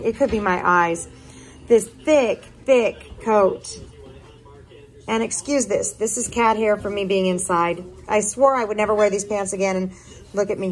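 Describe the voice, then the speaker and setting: A middle-aged woman breeder chatting casually to camera about her puppies, cooing at them now and then. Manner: chatty, coos at puppies in a higher voice. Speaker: puppy breeder.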